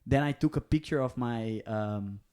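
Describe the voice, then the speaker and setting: A man's voice: mid-range voice, normal speed, clear, resonant tone. A man with a Brazilian accent, a comedian co-hosting a podcast, telling stories in casual chat and acting out the voices of people in them. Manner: animated storyteller, acts out quoted voices.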